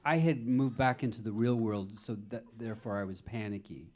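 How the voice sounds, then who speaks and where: A man's voice: on the low side, fairly quick, a little mellow. Man, live podcast guest, rambling anecdotes, on stage. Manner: rambling anecdotal storytelling with frequent fillers. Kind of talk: live podcast chat, storytelling. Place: stage before a live audience.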